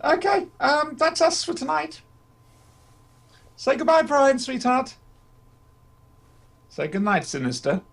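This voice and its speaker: A man hosting casually, hesitant with many ums, warmly recommending something. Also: very high voice, big pitch swings, slow pace, creaky, pauses often. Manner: hesitant, lots of ums, enthusiastic. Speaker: host. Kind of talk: casual chat.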